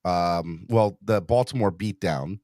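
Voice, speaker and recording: A man hosting a sports podcast in casual chat, rambling and excitable, often restarting his sentences. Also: low voice, slow pace, dry recording, studio quality. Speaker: podcast host.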